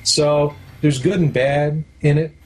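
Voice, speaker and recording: Slow and a little mellow, this middle-aged Canadian's fairly high voice stays fairly even in intonation. A documentary producer and director in a casual interview, he speaks candidly and leans on stories and everyday analogies.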